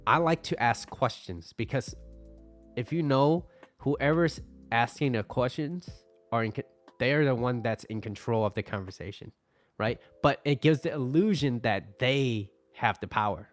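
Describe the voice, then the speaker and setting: Casual advice guy, mid-pitched man, chatty and loose, soft music underneath. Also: normal speed. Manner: loose and conversational, tags lines with "right?"; acts out angry customers in mock voices. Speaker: relationship advice creator.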